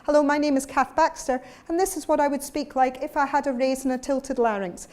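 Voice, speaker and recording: A woman's voice: high voice, steady tone, brisk, a little mellow, close to an everyday voice. A woman voicing a speaker with a raised, tilted larynx, thin and quavery. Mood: upbeat.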